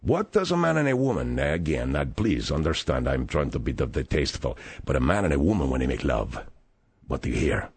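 A man with a Spanish accent hosting a radio talk show, rambling and halting through his thoughts with many fillers and stammers. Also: extremely low pitch, sing-song, slightly rough, dry recording. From abroad, moved to America. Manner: halting, stammering, full of fillers and drifting tangents.

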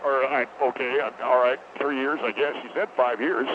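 A man's voice: mid-range voice, fairly even intonation. Casting: jittery, stammering male caller, tinny phone line with faint hiss. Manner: nervous, stammering, halting.

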